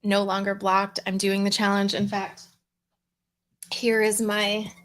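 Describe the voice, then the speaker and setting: A woman hosting a live coaching challenge, greeting viewers by name in a relaxed, upbeat casual chat. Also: mid-range voice, slow. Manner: relaxed, chewing mints between words. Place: home room with a fan, livestream.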